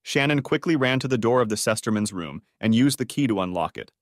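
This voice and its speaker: A man's voice: medium pitch, expressive, a little fast, dry recording. A man narrating a dramatic audiobook story in a scripted reading, on a close studio mic.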